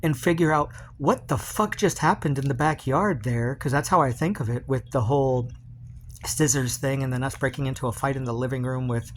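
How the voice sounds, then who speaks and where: A man's voice: mid-range voice, a little fast, slight background noise. Rambling, remorseful man talking to camera. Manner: rambling, confessional, with many fillers and restarts. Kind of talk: emotional personal video message.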